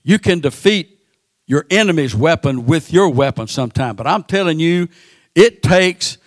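A man's voice: fairly high pitch, expressive, moderate pace, no echo. Preacher guy giving a sermon, lots of uh and repeated words, dry close sound. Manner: repeats words and fills with "uh" between phrases.

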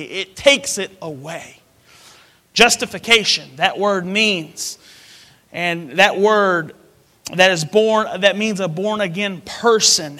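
A man delivers a sermon in a high voice, stacking phrase upon phrase as he builds emphasis. His tone is bright and ringing, and he calls the congregation to repeat after him. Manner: preaching with rising emphatic repetition. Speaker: pastor.

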